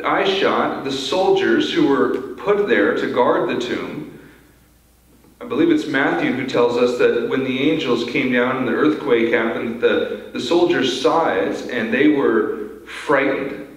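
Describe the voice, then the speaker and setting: Man preaching in an echoey church. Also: mid-range voice. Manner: earnest, repeats words when starting sentences. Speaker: pastor. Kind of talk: sermon. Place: church sanctuary. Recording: very echoey church hall, mic from far off.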